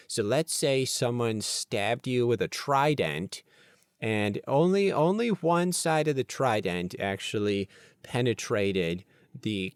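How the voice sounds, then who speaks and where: A man hosting a podcast alone, rambling playfully and thinking out loud at his desk. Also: mid-range voice, clean tone, no echo, clean studio sound. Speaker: podcast host. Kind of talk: casual solo podcast talk.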